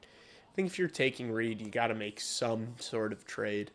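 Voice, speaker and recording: A man streaming live as he watches hockey, chatting bluntly and profanely with his viewers and now and then working up into loud rants. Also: lowish voice, animated, unhurried.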